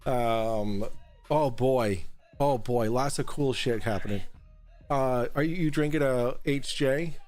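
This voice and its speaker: Hosting a casual livestream talk show, a man rambles and swears while reading and answering chat, drinking on air as he goes. He talks slowly in a mid-range, slightly mellow voice, with faint music behind him.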